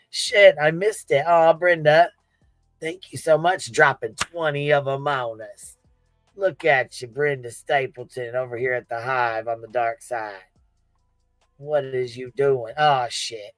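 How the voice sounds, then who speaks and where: Man hosting a livestream; loose, profane, quick to laugh; dry sound with faint music under. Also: mid-range voice, a bit bright, no echo. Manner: profane, laughing, banter with chat. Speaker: livestream host. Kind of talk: casual livestream chat.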